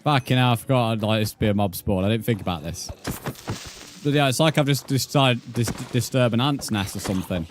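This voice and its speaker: A man's voice: medium pitch, a little fast, background noise. A British man chatting casually while livestreaming a game, swearing freely and muttering counts under his breath. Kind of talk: casual gaming livestream chat.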